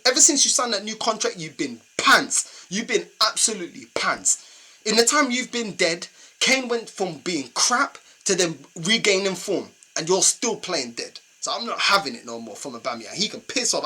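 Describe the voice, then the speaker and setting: Young London man for a fan reaction rant: bright, forceful tone, exasperated and repetitive. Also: sits high, breathy edge. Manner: exasperated ranting, slangy and repetitive. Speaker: football fan channel host.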